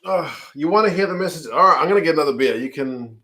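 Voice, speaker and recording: A man's voice: a little high, lively intonation, rapid-fire, pushed and bright, a little hiss or hum. A male host making dry, wry asides to his audience during a casual watch-along chat. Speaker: show host.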